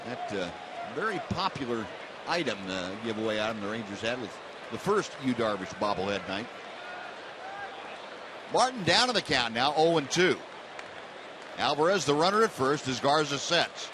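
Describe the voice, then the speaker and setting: A male baseball play-by-play announcer calling the game in a relaxed, conversational way with frequent fillers, over stadium crowd noise. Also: medium pitch, normal speed, long pauses. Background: ballpark crowd.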